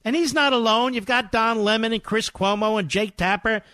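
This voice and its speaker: A man hosting a talk radio show, playing clips and commenting on them in an indignant, combative manner with loud rhetorical questions. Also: sits high, moderate pace, no room sound, clean studio sound.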